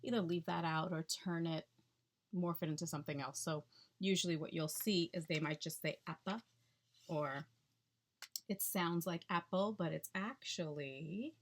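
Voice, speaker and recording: A woman's voice: fairly low pitch, moderate pace. A woman speech-language pathologist explaining techniques in a chatty, instructional way, checking in with the listener often.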